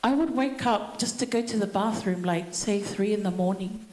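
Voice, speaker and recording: A middle-aged woman giving a personal eulogy at a family funeral service, telling her story slowly with many pauses. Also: mid-range voice, a little mellow. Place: church hall. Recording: echoey church hall.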